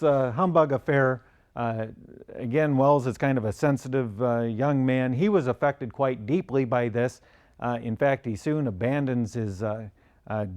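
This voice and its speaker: A middle-aged man giving a spoken history lecture, unhurried, pausing often with fillers. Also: mid-range voice, a little mellow. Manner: unhurried, with frequent "uh" pauses.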